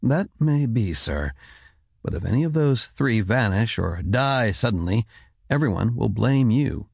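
A man voicing the measured, diplomatic head of a scholarly order. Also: mid-range voice, gravelly, breathy edge, no room sound, full character voice. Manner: calm, careful, diplomatic.

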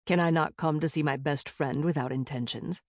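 A man's voice: fairly high pitch, normal speed, dry recording, clean studio sound, pitched below the performer's own voice, natural voice. A woman voicing a weary young male vampire prince who talks in short, clipped questions. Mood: dry, weary.

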